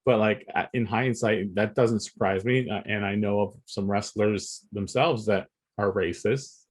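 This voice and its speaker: A man's voice: fairly low pitch, measured pace, husky. A man co-hosting a casual podcast chat, rambling and restarting his sentences, laughing between points. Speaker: podcast co-host.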